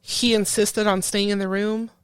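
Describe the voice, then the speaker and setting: A woman who is a military veteran, telling a painful personal story in an interview in halting speech full of restarts. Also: medium pitch, level tone, smooth, no room sound, clean studio sound. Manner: halting, with many restarts, recounting a painful memory. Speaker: veteran guest.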